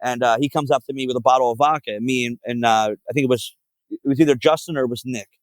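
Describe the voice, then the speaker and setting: Philly guy, mid-pitch, dry recording; loose, cussing raconteur who strings stories together with fillers. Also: fairly even intonation, fast talker, dry recording, low-quality recording. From Philadelphia area. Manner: profane, rambling, heavy on filler words. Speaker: guest musician. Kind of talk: casual podcast storytelling.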